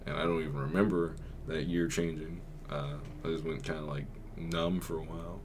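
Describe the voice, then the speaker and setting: A young man with a low, deep voice tells a long personal story on his podcast. He rambles and fills his talk with filler words, and his tone stays quiet and subdued. A faint hiss sits under the voice. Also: flat delivery, moderate pace, few pauses. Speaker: podcast host. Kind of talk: casual storytelling.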